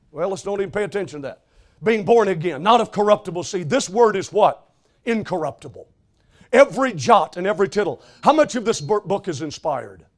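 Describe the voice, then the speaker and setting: A man preaching a sermon, asking the congregation questions and quoting scripture, moving between loud exclamations and quiet passages. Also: high voice.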